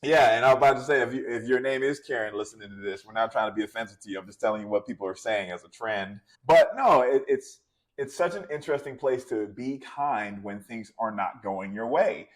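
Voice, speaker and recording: A man's voice: medium pitch, a little fast, poor audio. A man co-hosting a podcast, talking casually and earnestly, laughing often. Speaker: podcast co-host. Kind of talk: casual chat.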